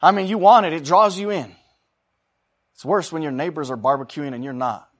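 A man preaching a sermon. He swings between loud, fervent exhortation and quiet, chatty storytelling, and he calls out to the congregation for responses. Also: on the high side, fairly quick.

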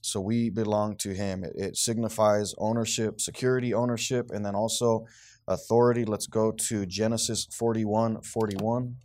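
Leading a small-group Bible study, a man reads scripture aloud with rising force, then explains it in a relaxed, conversational way. He speaks at normal speed in a fairly low voice.

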